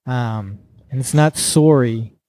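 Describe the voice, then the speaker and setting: A man's voice: medium pitch, a little fast, darkish tone, no echo. A man in casual chat, teasing and thoughtful.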